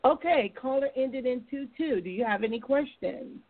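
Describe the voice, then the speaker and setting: A woman hosting a call-in talk show, brisk and encouraging as she takes callers. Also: high voice, animated, no echo. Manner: brisk, encouraging, with frequent affirming murmurs. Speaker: show host. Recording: tinny phone-line audio.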